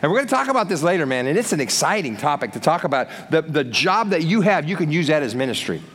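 Male pastor, slightly high voice, casual lively sermon delivery, long hall reverb. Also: fast talker. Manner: lively, conversational preaching with acted-out quotes.

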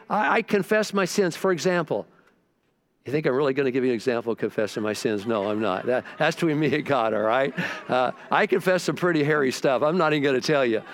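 A man preaching a sermon, telling stories with repeated restarts and rising into bursts of fervor. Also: sits high. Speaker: pastor.

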